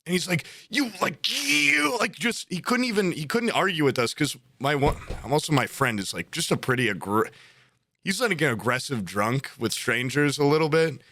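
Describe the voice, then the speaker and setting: A man's voice: mid-range voice, sing-song, brisk, fairly bright tone, dry recording. Twenties guy on a podcast, rambling story w lots of "like", voice jumps all over, dead dry room. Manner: rambling, filler-heavy storytelling with acted-out quotes. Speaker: podcast co-host.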